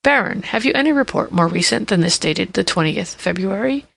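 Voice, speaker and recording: A woman's voice: medium pitch, fairly quick, vocal fry, full character voice. A woman voicing an elderly male king who is jovial, teasing and sure of himself, in an audiobook reading. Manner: lively, mocking, fond of puns and learned quips.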